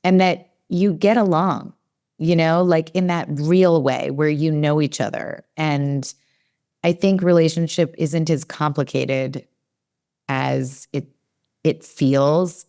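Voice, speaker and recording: A woman's voice: deep voice, steady tone, slow pace, warm tone. A woman in her forties, a developmental psychologist, chatting in a podcast interview and acting out her own inner dialogue with many fillers.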